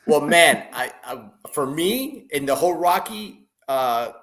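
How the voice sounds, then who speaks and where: Guy w a bright voice, kinda halting, eager chatting. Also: fairly high pitch, sing-song. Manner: halting, many fillers and restarts, enthusiastic. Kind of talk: casual chat.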